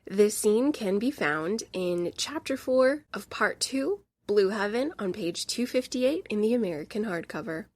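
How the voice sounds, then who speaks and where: A woman hosting a book review podcast, talking in an earnest, deeply emotional way into a close mic. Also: animated, a little slow, hardly any pauses, no echo. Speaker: podcast host.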